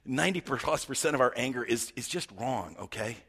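A middle-aged male pastor delivers an earnest, conversational sermon, often tripping over his words and restarting. His voice is slightly husky and sits at an ordinary male pitch. A long reverb from a large church hall follows his speech. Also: lively intonation, brisk, a bit bright.

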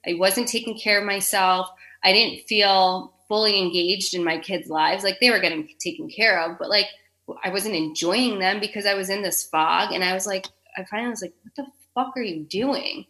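A woman's voice: medium pitch, steady tone, normal speed, sharp tone. A woman in her thirties, a podcast guest, talking frankly and emotionally in an interview, swearing freely and saying "like" a lot. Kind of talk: candid interview conversation.

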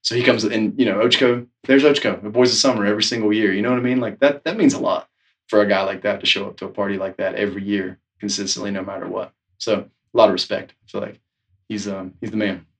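A man's voice: fairly low pitch, fairly even intonation, fast, far from the mic. A man, a snowboard instructor, praising a coworker in casual, filler-heavy talk. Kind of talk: interview tribute.

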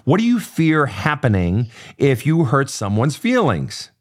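A man's voice: mid-range voice, sing-song, measured pace. A man working as a counselor, blunt and probing, swearing freely and pressing the same questions again and again. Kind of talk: counseling session.

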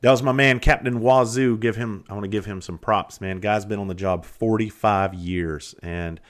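A man's voice: on the low side, fairly even intonation, moderate pace. A middle-aged man hosting a podcast, talking candidly and profanely as he tells stories from his firefighting life. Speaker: podcast host, former firefighter. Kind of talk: casual podcast monologue.

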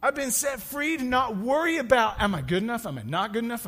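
A man preaching a sermon, moving from loud, urgent calls down to hushed, intimate lines. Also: sits high, big pitch swings, fast, few pauses. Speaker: pastor. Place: church sanctuary.

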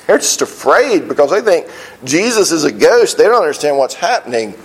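A man preaching a sermon as pastor, earnest, often restarting phrases and slowing down on key lines. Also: fairly high pitch, very animated, low-quality recording. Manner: earnest, repeats words when starting phrases, slows on key lines.

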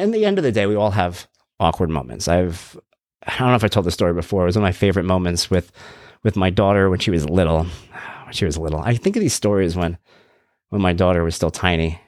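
A middle-aged man hosting a podcast, telling a family story in casual chat and acting out the voices with big jumps in pitch. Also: a little mellow, dry recording, clean studio sound. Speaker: podcast host.

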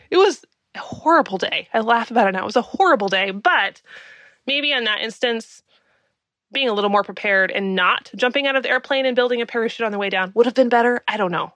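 A woman's voice: on the high side, fast talker, a bit bright, no echo. A woman in her thirties from the United States, hosting a podcast and telling a personal story in a chatty, laughing, self-deprecating way. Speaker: podcast host. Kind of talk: casual storytelling monologue.

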